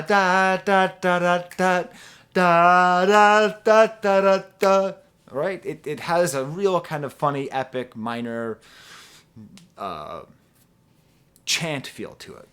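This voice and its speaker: Man, middle-aged, casual music review, rambling asides, jokes, hums melodies, mid-pitched voice. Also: fairly bright tone. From US East Coast. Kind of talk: casual album review vlog.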